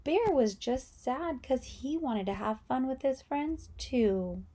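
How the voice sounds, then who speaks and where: A woman's voice: high-pitched, expressive, slow, dark tone. A woman teacher giving a reading lesson, encouraging children and asking them questions. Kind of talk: read-aloud reading lesson.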